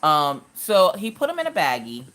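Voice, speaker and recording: Low-voiced, lively storytelling woman. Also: moderate pace. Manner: animated, sarcastic, acts out the people in her stories. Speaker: live-stream host. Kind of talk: casual storytelling on a craft live stream.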